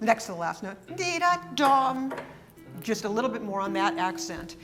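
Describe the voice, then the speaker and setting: A woman's voice: mid-range voice, steady tone, fast, over music. Encouraging woman coaching musicians. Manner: encouraging, praising often. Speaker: harp teacher leading a masterclass. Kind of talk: coaching a chamber ensemble. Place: rehearsal room with instruments.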